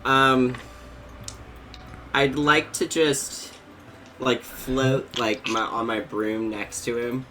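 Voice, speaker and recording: Slow, bright-voiced male player. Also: medium pitch, little pitch movement, slight background noise. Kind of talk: casual tabletop game chat.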